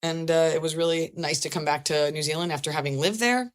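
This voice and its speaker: A woman with a notably low voice hosts a casual podcast. She tells stories in a wry, chatty way, with plenty of swearing and comic asides. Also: fast talker. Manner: chatty, wry, profane storytelling. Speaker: podcast host and stand-up comedian. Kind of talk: casual comedic chat.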